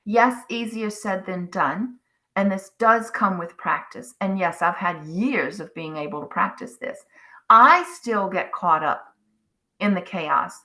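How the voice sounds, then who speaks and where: A middle-aged woman speaks slowly and gently as she guides listeners through letting go of their frustration. Her tone is bright and forward. Now and then she slips into the voice of someone's inner thoughts. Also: medium pitch. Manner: slow, soothing, acts out inner voices. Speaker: spiritual wellness channel host. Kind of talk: guided self-help talk.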